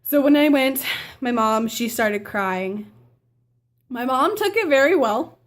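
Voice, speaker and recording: A woman's voice: sits high, expressive, takes it slowly. A teenage girl telling a personal story to camera in a rambling, casual way, full of fillers and restarts. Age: teens. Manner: chatty, rambling with fillers and self-corrections; acts out family members' lines in quotes. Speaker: vlogger.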